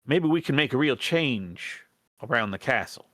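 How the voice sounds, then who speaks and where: A man plays an earnest female rat rebel who asks a band of strangers for help, her folksy speech halting and full of false starts. Her voice sits at an ordinary pitch and is recorded dry and close, with no room sound. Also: expressive, fairly bright tone, no room sound, close to an everyday voice. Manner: halting, hesitant, folksy drawl with many restarts. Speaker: game master. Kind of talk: in-character role-play in a tabletop game.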